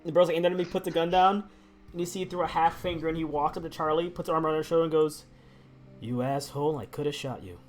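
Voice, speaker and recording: A man's voice: on the high side, flat delivery, racing, slight background noise. Casual, laughing male game master. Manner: casual, laughing, restarts sentences. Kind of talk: narrating a tabletop role-play game.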